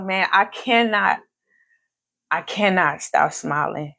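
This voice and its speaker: A woman's voice: medium pitch, takes it slowly, gravelly, bright, forceful tone. A woman hosting a live podcast in casual chat, effusive and grateful, who repeats phrases for emphasis. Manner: grateful, faith-filled. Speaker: podcast host. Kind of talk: casual live-stream talk.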